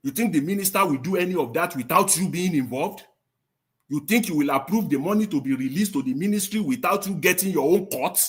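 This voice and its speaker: A man's voice: on the high side, expressive, fairly quick. A man, speaking as a panelist in a live-stream discussion, impassioned and indignant, pressing with rhetorical questions.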